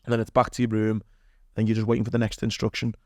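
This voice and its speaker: A man's voice: on the low side, completely flat delivery, fast, darkish tone, no room sound, clean studio sound. Scouse man telling a story. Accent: Liverpool (Scouse). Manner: rambling anecdotal telling with fillers and acted quotes. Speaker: podcast guest. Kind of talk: casual storytelling chat.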